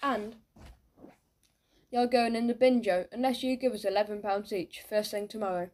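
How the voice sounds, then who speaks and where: A woman's voice: medium pitch, steady tone, moderate pace, a little mellow, close to an everyday voice. A woman reading a children's audiobook, voicing a pair of dim, pushy schoolyard bullies with a blunt, insistent manner. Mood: threatening.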